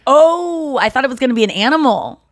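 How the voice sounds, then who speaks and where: A woman co-hosting a chatty podcast, her voice sitting a little high and recorded dry and close. She rambles and cuts herself off, piling up quick asides as she tells a story. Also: no echo. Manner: rambling, self-interrupting, animated. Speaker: podcast co-host. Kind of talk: casual chat.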